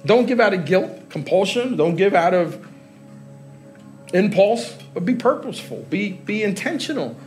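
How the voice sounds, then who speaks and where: A middle-aged male pastor preaching a live sermon in a large church hall, with a fairly high voice. He talks to the congregation in a loose, joking way and laughs along with them. Faint music plays beneath his words. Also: expressive, normal speed, a little mellow.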